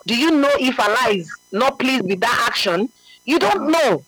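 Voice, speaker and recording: A man's voice: very high-pitched, big pitch swings, normal speed, pushed and bright, slightly rough, no echo, poor audio. A man giving a conversational religious talk, earnest and emphatic, often checking that the listener understands. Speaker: religious speaker.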